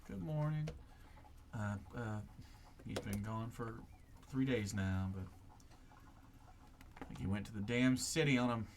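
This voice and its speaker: A man's voice: on the low side, a little slow, long pauses, slight background noise. A man voicing a blunt, folksy country woman in her late thirties who talks in a chatty, homespun drawl. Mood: gossipy.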